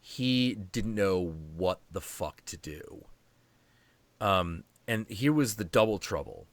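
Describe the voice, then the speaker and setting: A man hosting a stream, telling a story in a casual, animated, profane and rambling way. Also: low voice, slow pace, dry recording.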